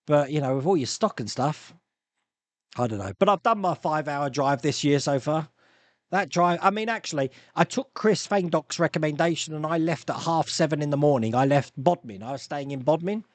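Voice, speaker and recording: A man's voice: on the high side, animated, brisk, no room sound. A man hosting a live stream, chatting casually and rambling through viewer comments with frequent laughs and restarts.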